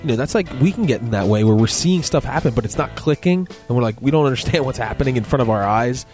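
A man talks on a faith radio show in a loose, meandering way, piling up fillers and little jokes. His pitch sits in a middle range for a man. A faint music bed plays behind him. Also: expressive, quick pace, darkish tone. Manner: rambling, joking, lots of "you know". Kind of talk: casual faith talk on radio.

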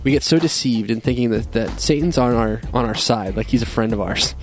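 A man's voice: medium pitch, brisk, soft background music. A man co-hosting a faith radio show, reflecting earnestly between playful quips, with frequent fillers. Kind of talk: casual faith talk on radio.

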